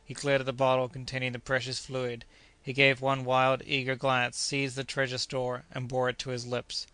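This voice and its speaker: A man narrating an adventure audiobook in a measured, steady reading. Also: mid-range voice, smooth, no room sound.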